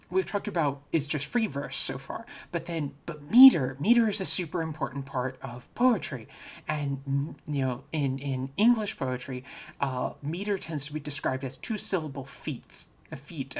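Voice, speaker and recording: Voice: mid-range voice, husky. A speaker giving a recorded virtual conference talk, explaining casually and thinking aloud with frequent restarts. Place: home, recorded remotely.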